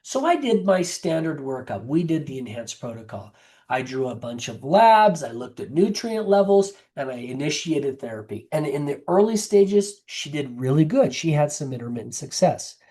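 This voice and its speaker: A man's voice: fairly high pitch, big pitch swings, normal speed, mellow, slightly rough. A man, a nurse practitioner, giving a presented health lecture and explaining things step by step through patient stories.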